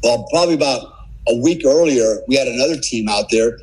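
A man in his sixties, a military veteran guest on a podcast, telling war stories in a casual, animated way and swearing freely. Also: medium pitch, a little fast, husky, poor audio. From United States. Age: 60s. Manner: profane, animated war-story teller. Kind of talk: casual storytelling.

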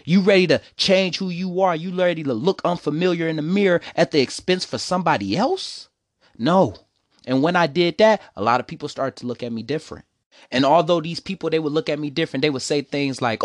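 A man's voice: fairly high pitch, expressive, fairly quick, no room sound, clean studio sound. A young man telling a personal story, emotional and preachy. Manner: emotional, preachy, repeats "see, the thing is".

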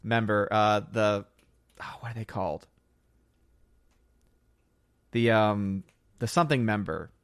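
A man's voice: fairly low pitch, fairly even intonation, takes it slowly, long pauses, smooth, dry recording, studio quality. Chatty laughing male podcast host. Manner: chatty, laughs often, rambling. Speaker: podcast host reading chat. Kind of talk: casual chat.

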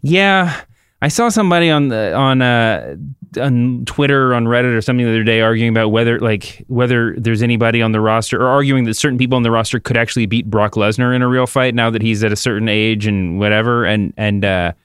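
A man's voice: mid-range voice, a little fast, fairly bright tone, clear, resonant tone, no echo, studio quality. A man hosting a wrestling podcast in casual chat, rambling and restarting his sentences. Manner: rambling, self-interrupting. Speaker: podcast host.

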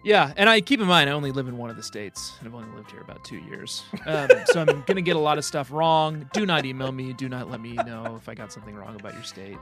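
A man's voice: mid-range voice, quick pace, hardly any pauses, sharp tone, faint music behind. A man co-hosting a podcast in casual chat, joking and rambling with plenty of ums and likes. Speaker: podcast co-host. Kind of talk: casual chat about a video game.

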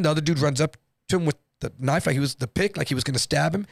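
A man from Texas, a guest comedian, telling a story in an animated, profane, slang-heavy way. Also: on the high side, fast talker, creaky, husky, no room sound, clean studio sound. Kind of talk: casual storytelling.

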